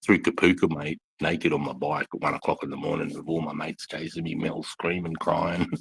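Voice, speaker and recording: A man's voice: very deep voice, level tone, moderate pace, creaky, slightly rough, poor audio. A man, a former army instructor, telling rowdy stories in casual live chat, blunt and full of swearing. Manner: blunt, swears constantly, rambling war stories.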